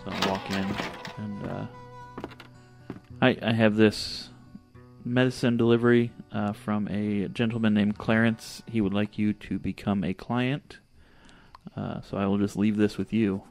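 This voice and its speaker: A man's voice: on the low side, steady tone, measured pace, vocal fry, over music. A man playing a tabletop game, talking casually with some hesitation. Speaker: player.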